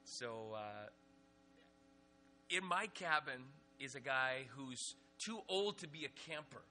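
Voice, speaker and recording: Bright-voiced preacher telling stories. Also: male voice, mid-range voice, slow pace, faint music behind. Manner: lively anecdotes with many fillers and restarts. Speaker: pastor. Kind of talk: humorous sermon storytelling.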